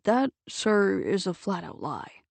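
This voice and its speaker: A man's voice: high-pitched, slow, gravelly, no echo, exaggerated voice. A woman voicing a polite younger man who speaks evenly and wryly in an audiobook. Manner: even, polite and dryly wry. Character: calm, polite younger man under pressure.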